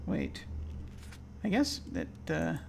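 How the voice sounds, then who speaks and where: A man casually talking through a video game, with low-key, mumbled asides. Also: huge pitch swings, slow pace, creaky, a little mellow, a little hiss or hum. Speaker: gameplay commentator. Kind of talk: casual let's play commentary.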